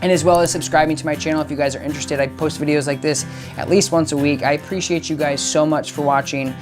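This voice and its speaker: An upbeat dog trainer narrates a training session indoors, chatty and full of praise for the dog. Faint music runs underneath, and the voice sits at an ordinary middle pitch. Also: fairly even intonation, quick pace. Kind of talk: casual training vlog. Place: indoor room with a dog crate.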